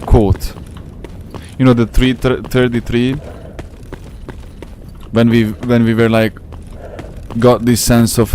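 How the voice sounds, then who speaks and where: A man streaming a game and chatting with his viewers in a rambling, slangy way, his English carrying a non-native accent. His voice sits at an ordinary middle pitch, with faint background noise under the talk. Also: little pitch movement, slow, long pauses, a little mellow. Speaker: gaming streamer. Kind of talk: casual live gameplay commentary.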